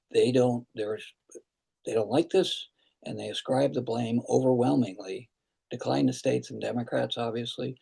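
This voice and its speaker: Older man, heavy gravel, husky tone, halting and earnest, congressman at a virtual town hall. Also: mid-range voice, a little mellow. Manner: earnest, halting, with many restarts and fillers. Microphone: video call.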